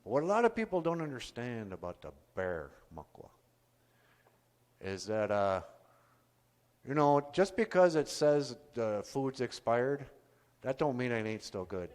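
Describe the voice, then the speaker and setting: An easygoing, drowsy bear puppet, as a man puts him on, rambling casually with a lively, bobbing voice. His talk rings in a long stage reverb. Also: medium pitch, unhurried. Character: laid-back male bear puppet.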